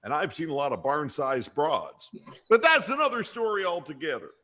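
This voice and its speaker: A man's voice: a little high, sing-song, normal speed, sharp tone, full character voice. A man doing an impression of a folksy football coach who rambles and repeats himself for emphasis at a press conference. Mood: blustery.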